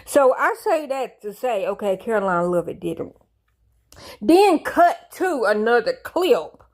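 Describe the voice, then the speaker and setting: A woman's voice: on the high side, sing-song, a little slow. A woman giving a casual comedic rant to her viewers, rambling and repeating herself, swearing freely and swinging between playful and emphatic. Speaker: commentator.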